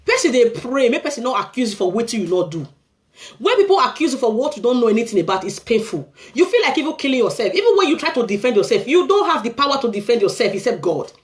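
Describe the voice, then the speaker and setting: A woman's voice: on the high side, sing-song, fast. A Nigerian woman sharing a painful personal story as a heartfelt testimony, pleading and preacherly as she urges listeners to forgive.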